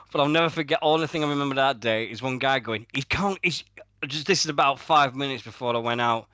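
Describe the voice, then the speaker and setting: Bright-voiced British man, swearing banter. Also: mid-range voice, normal speed, long pauses, no echo, highs cut off. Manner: swearing, rambling, laughs at own stories. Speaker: radio show co-host. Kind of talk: casual podcast banter.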